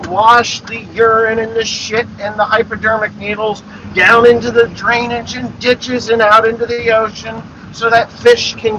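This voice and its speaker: A man ranting bluntly in a monologue, swearing and repeating himself. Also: high-pitched. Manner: blunt, profane, repetitive. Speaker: podcast host. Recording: dull lo-fi sound with noise.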